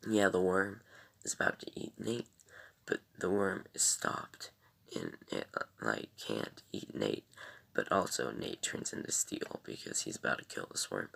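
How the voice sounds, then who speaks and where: A man chats loosely through a TV episode review, rambling with ums and sighs. His voice is bright and forward but husky, with a gravelly edge, and it swings lively in pitch. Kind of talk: casual review chat.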